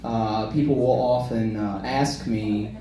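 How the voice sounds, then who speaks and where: A man's voice: medium pitch, fairly even intonation, slow, dark tone. A young man from the Midwest, doing wry, self-deprecating stand-up at a small comedy venue. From Kansas, US Midwest. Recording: echoey room, far mic, crowd.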